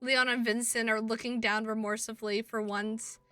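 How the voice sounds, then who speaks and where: High, bright female streamer reading game dialogue aloud, expressive and foul-mouthed, a little off-mic over game music. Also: moderate pace, smooth, no room sound, distant mic. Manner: expressive, swears, laughs at herself. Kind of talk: game playthrough, reading and reacting.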